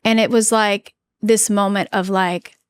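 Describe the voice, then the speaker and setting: A woman in her thirties, a podcast guest telling a personal story in an earnest, halting way, with many fillers and restarts. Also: medium pitch, fairly even intonation, smooth, no room sound. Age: 30s. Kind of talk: candid interview storytelling.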